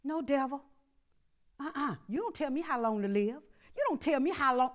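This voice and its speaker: Woman pastor, high voice, sermon delivery with call-and-response, soft to shouting. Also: expressive, moderate pace, dull audio.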